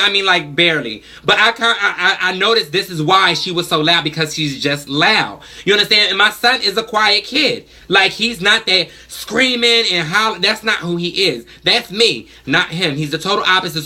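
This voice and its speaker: A woman telling a story to the camera in a casual vlog, talking in an animated, blunt and emphatic way. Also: fairly low pitch. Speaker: vlogger, mother.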